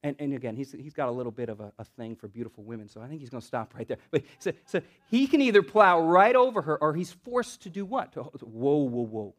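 A male pastor with a Southern US accent delivering a sermon. His voice sits high for a man, and he works the room by turns, surging to fervent loudness and then pulling back into hushed, close asides. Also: fast talker, few pauses. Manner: animated, swings from loud bursts to hushed asides.

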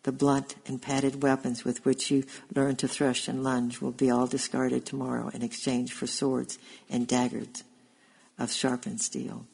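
Storybook role: male reader plays a soft-spoken, sad gladiator, slow and gravelly, with a foreign lilt. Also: medium pitch, completely flat delivery, rough recording. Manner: speaks slowly with a foreign accent. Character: gentle sad giant gladiator, grown man, captive from afar.

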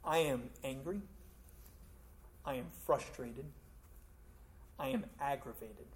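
A man preaching a sermon as a pastor, talking conversationally and swinging between loud emphasis and hushed asides. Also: mid-range voice, takes it slowly.

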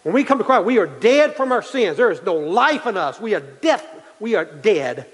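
A man's voice: high-pitched, sing-song, normal speed, a bit bright, husky, long reverb tail, low-quality recording. A man preaching a sermon, repeating his key points for emphasis and building in intensity. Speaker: pastor.

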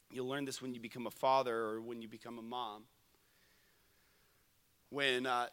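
A young man preaching a sermon at a camp, telling stories that swing from loud to hushed. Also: medium pitch, big-room sound. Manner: storytelling, shifts from loud to hushed. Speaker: pastor. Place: camp meeting room.

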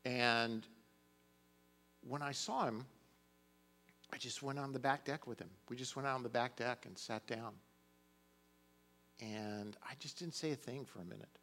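A middle-aged male pastor delivering a sermon with a mid-range voice. He speaks in an earnest, heartfelt way. His tone moves from hushed confession to fervent prayer. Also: medium pitch, unhurried, pauses often, slight background noise. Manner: earnest personal storytelling, swinging between hushed and rising prayer.

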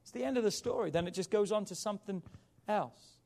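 A man preaching a sermon as pastor, with emphatic rises and quiet drops. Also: high-pitched, fast talker.

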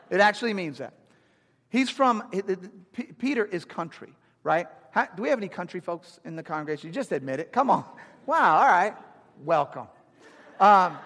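A man in his thirties preaches with lively, joking energy, chatting with his congregation as he tells stories. His voice sits a little high, and a long church reverb trails behind every phrase. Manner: energetic, humorous, conversational preaching. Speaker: pastor. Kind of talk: sermon. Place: church sanctuary. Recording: long reverb of a large hall.

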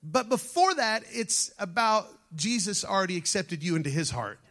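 A man's voice: high-pitched, normal speed. A man preaching a sermon as pastor, calling out to the congregation and dropping at times to a near-whisper. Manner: animated preaching, shifting from shouts to near-whispers.

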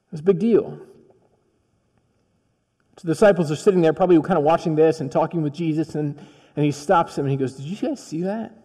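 A male pastor gives a conversational, storytelling sermon and slips into acted dialogue along the way. His voice sits a little high but sounds dark and mellow. A long hall reverb trails behind every phrase. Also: steady tone, fast talker, pauses often.

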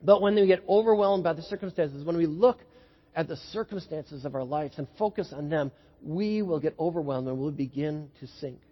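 Animated preacher with a husky, high voice. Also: male voice, moderate pace. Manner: animated storytelling, building to excited peaks. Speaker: pastor. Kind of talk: sermon. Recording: dull lo-fi sound with long hall echo.

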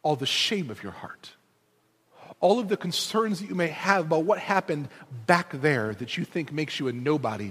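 A man's voice: a little high, expressive, moderate pace, fairly bright tone, breathy edge. A male preacher giving an emphatic, conversational sermon and addressing the congregation directly, recorded in a large hall. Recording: long hall reverb.

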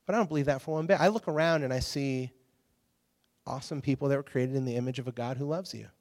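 A man giving a casual sermon, telling a story with lively acted-out quotes to a youth audience. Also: medium pitch, quick pace. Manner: animated storyteller, acts out quotes. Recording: long hall reverb.

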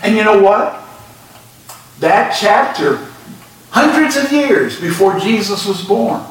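A man's voice: high-pitched, very animated, slow pace. A male pastor preaching a sermon and reading Scripture with emphasis. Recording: echoey church sound from a distant mic.

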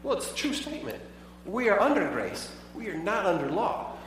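A man's voice: high-pitched, big pitch swings, fairly quick, a bit bright, a little hiss or hum. A pastor preaching a sermon in a conversational way, asking his listeners many rhetorical questions. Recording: echoey hall, voice from far off.

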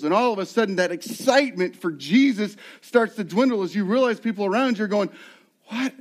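A middle-aged man, a lead pastor, preaching a sermon in an animated way and acting out the voices of the people he describes. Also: high voice, brisk.

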